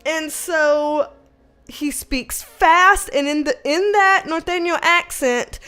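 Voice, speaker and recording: High-voiced chatty Southern woman. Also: takes it slowly, soft background music. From American South. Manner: animated, swearing, laughing storyteller. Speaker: livestream host. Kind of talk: casual livestream chat.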